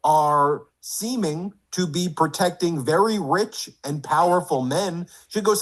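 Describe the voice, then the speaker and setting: A man's voice: fairly high pitch, slow pace, hardly any pauses. A man giving a political commentary monologue, reading quotes aloud in an indignant rush.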